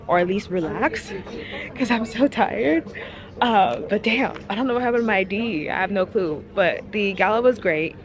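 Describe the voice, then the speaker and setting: A young woman chatting casually to camera in a vlog, animated and laughing often. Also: on the low side. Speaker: vlogger.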